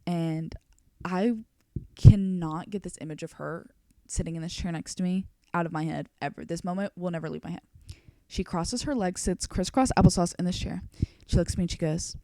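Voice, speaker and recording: A young woman vlogger tells a storytime in a chatty, emotional way, saying "like" constantly. Her voice is fairly low and mellow at normal speed, recorded at studio quality with no echo.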